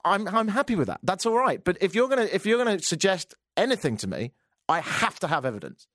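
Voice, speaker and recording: A man telling a stand-up comedy story, with sarcastic, deadpan asides. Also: high voice, quick pace, no room sound, clean studio sound.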